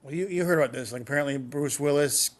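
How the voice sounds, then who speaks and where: A man's voice: on the high side, fast talker. A man co-hosting a podcast in casual banter, teasing and repeating himself to needle his partner. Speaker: podcast co-host.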